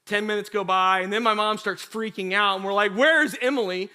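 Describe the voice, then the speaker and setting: Bright, high-voiced male pastor preaching. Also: a little fast, smooth. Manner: animated storytelling with acted quotes; chatty, addresses the congregation directly. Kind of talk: sermon.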